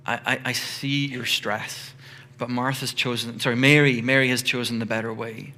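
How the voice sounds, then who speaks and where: A calm, gentle teacher from the Bible, as a male preacher puts him on, soft and soothing. The voice stays bright and plain, close to a man's everyday speech. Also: mid-range voice, moderate pace, slight background noise, lightly acted.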